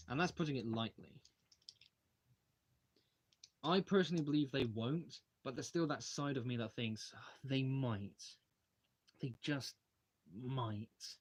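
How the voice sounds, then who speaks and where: A man's voice: mid-range voice, breathy edge. A young man hosting a casual livestream, rambling as he takes brick models apart and reads out viewer questions. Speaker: channel host live streaming a brick-model build. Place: home hobby room, taking models apart at a desk.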